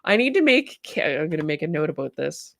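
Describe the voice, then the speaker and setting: Canadian lady chatting on her stream, bubbly, lowish voice, dry close mic. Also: big pitch swings, a little fast, creaky, dry recording. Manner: bubbly, reads chat comments aloud and laughs often. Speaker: livestream host, studio owner. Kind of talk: casual livestream chat.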